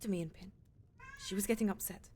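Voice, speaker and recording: A woman's voice: mid-range voice, fairly even intonation, quick pace, warm tone, a little hiss or hum. A woman speaking in character as a town leader in a roleplay, hesitant and stammering, often trailing off.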